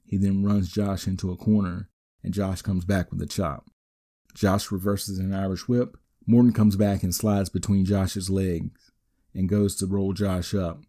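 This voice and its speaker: A man hosting a wrestling podcast, giving a steady, matter-of-fact play-by-play recap with the odd dry aside. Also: low voice, measured pace. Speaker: podcast host.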